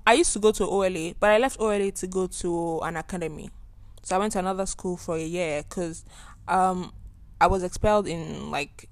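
A woman's voice: medium pitch, dry recording. A young woman, chatting emphatically on her solo podcast from a bedroom at home. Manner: chatty, emphatic, repeats herself. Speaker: podcast host. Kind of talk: casual solo podcast chat.

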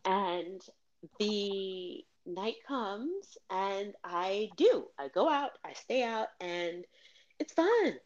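A woman hosts a podcast, telling a long personal story in casual chat. She talks animatedly and pokes fun at herself, laughing along the way. Her medium-pitched voice sounds a little muffled on the recording. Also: extremely slow. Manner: animated, self-mocking, laughs often. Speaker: podcast host.

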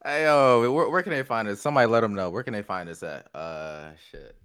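A man's voice: lowish voice, a little fast, a crowd in the background. A young man hosting a podcast in casual, profane, hyped-up banter. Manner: loud, profane, hype. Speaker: podcast host.

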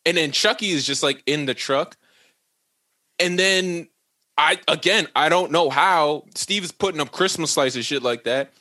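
A man's voice: fairly high pitch, moderate pace. A man on a podcast casually retelling a movie plot, acting out each character's lines with plenty of swearing. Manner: animated storyteller who acts out the characters' lines, swearing and laughing. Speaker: podcast co-host.

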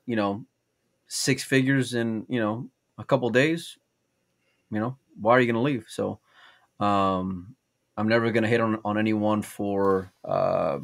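A man hosting a casual talk show, talking in a relaxed way with many fillers and some teasing. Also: fairly low pitch, gravelly. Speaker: podcast host. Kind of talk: casual chat.

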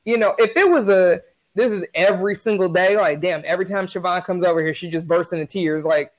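High-voiced man in candid podcast chat. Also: fairly quick, rough recording. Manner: candid, repeats words when starting sentences. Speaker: podcast co-host. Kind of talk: casual chat.

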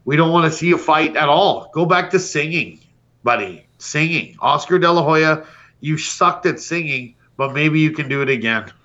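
A man's voice: on the high side, lively intonation, normal speed, sharp tone, dull audio. A man hosting a podcast, delivering a brash, profane comedic roast rant. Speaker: podcast host.

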